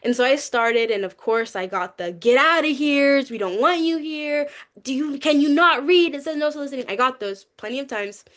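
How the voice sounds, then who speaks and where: A young woman giving a lively personal testimony to a youth group, talkative and acting out what people said. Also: normal speed. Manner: animated, talkative, acts out quotes with rising pitch.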